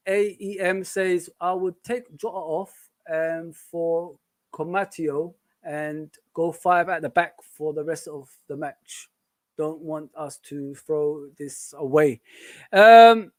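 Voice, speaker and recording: A man co-hosting a live football watch-along, reacting to the match with excitable, frustrated outbursts at the players. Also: sits high, no room sound. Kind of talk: casual live match commentary.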